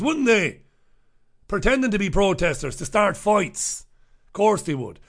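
A man on his own radio show, ranting in a heated, sarcastic monologue. His voice sits a little high for a man, and he swears freely as he builds up steam. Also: very animated, a little slow, pauses often. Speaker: radio host.

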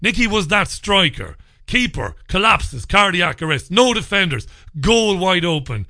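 A male radio talk show host giving crude, mocking commentary with loud bursts. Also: sits high, very animated, measured pace, no room sound, studio quality. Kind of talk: ranting commentary.

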